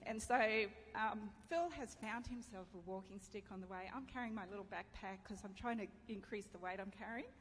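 A middle-aged woman delivers a sermon in an open, self-deprecating way, laughing at herself as she talks. Her voice sits at an ordinary pitch for a woman. It rings out in a large reverberant hall over a faint hiss of ambience. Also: fairly quick, few pauses. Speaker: preacher. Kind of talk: sermon with personal story.

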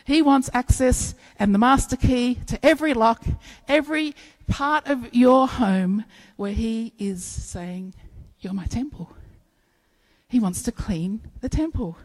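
A woman preaching a sermon, telling stories in an animated way and acting out playful bits of dialogue. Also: a little high, unhurried, few pauses, low-quality recording.

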